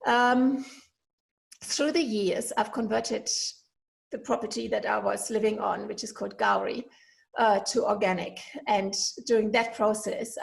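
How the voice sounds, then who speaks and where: A woman's voice: mid-range voice, gravelly, low-quality recording. A woman in her forties from Germany with a German accent, hosting a casual solo podcast from her home kitchen, talking with enthusiasm and plenty of fillers. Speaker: podcast host, veterinarian.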